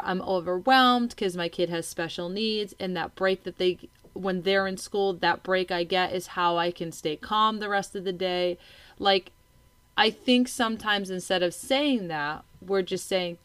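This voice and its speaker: A woman in her thirties talks casually about parenting, slipping into little acted-out voices for kids and parents. Her pitch sits in the middle for a woman. The sound is dry and close, with no room around it. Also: clean tone, dry recording. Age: 30s. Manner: animated, acts out kids' and parents' lines. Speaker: podcast co-host, mother. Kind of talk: casual chat.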